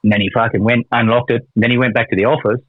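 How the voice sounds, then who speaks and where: A man's voice: medium pitch, steady tone, very fast, no echo. An Australian man telling a prison story in a rambling, casual way, swearing a lot and using many fillers. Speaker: guest, former prisoner. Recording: tinny phone-like line.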